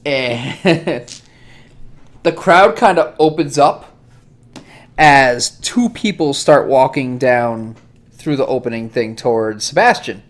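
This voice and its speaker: A man's voice: medium pitch, slow. A man narrating as game master for a tabletop game, in a casual, chatty way with laughs and fillers.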